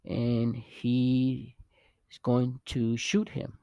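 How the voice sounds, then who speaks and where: A man giving a patient, encouraging spoken lesson, repeating words slowly and checking in with the learner. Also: medium pitch, completely flat delivery, creaky, warm tone, no room sound, lo-fi sound. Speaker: Spanish teacher.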